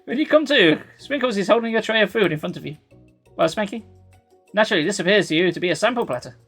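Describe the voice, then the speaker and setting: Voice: mid-range voice, lively intonation, quick pace, fairly bright tone, husky, faint music behind. A streamer reading a dating game aloud live, dropping dry, sarcastic asides between the lines.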